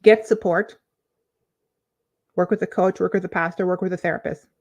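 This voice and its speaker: A woman, a life coach, giving animated, conversational advice to camera and repeating phrases for emphasis. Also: fairly low pitch, moderate pace, dull audio. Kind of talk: direct-to-camera coaching talk.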